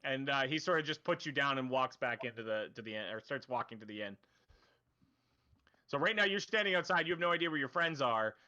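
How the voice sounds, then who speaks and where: A man's voice: medium pitch, expressive, fairly quick, sharp tone, lo-fi sound. A man narrating as dungeon master of a tabletop game, rambling and correcting himself as he explains the rules. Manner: rambling, self-correcting, laughs often.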